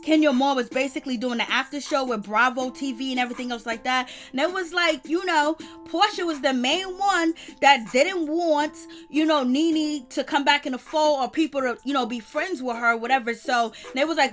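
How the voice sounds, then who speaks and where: A woman's voice: high voice, normal speed, few pauses, fairly bright tone, soft background music. A woman giving casual, slangy commentary and animatedly retelling what others said. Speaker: gossip vlogger.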